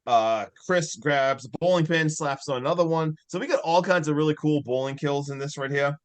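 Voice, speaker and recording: A man co-hosting a casual podcast, retelling a movie scene by scene. His voice sits a bit high for a man. He rambles, stacks fillers and breaks into laughs as he goes. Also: brisk, clean tone. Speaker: podcast co-host.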